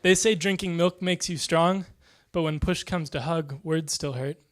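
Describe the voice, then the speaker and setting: A man doing stand-up comedy, delivering deadpan one-liners in a dry, soft-spoken way. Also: fairly high pitch, normal speed.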